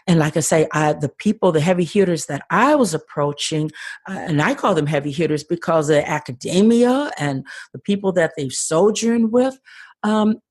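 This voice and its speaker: A woman's voice: sits low, expressive, moderate pace, slightly rough. An older woman, a podcast guest, telling her story with passion and frequent restarts over a remote call. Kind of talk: conversational interview.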